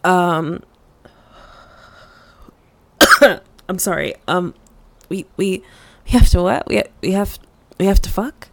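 Woman acting flustered anxious young woman, stammering, swearing, gravelly fry, slow unhurried delivery, audio role-play. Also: medium pitch, no echo. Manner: stammering, swearing, many fillers.

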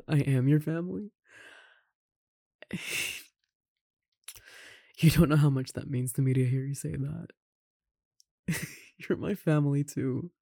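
A performer voicing a caring roommate who confesses love in a romantic audio roleplay, speaking softly with gentle laughs and sighs. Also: mid-range voice, slow, creaky, long pauses, no room sound, studio quality. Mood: tender.

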